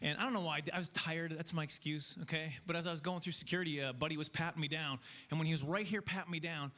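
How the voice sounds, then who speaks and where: High-voiced self-mocking stand-up man. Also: fast talker. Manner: self-mocking, animated storytelling. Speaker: stand-up comedian. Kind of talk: stand-up comedy set. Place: comedy festival stage before a live audience.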